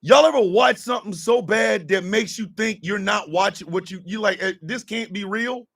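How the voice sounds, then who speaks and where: A man hosting a podcast, delivering a profane, exasperated comedic rant and often shouting. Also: high-pitched, moderate pace, breathy edge. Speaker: podcast host.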